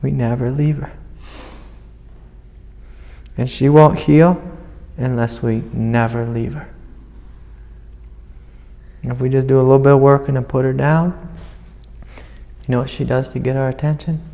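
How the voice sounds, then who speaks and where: A man with a gravelly, mellow voice guides a student as a spiritual teacher. He speaks gently and soothingly, with a long reverb from the hall around him. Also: medium pitch, steady tone, normal speed, pauses often. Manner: gentle, soothing, calls the listener sweetie. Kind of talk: satsang guidance to a student.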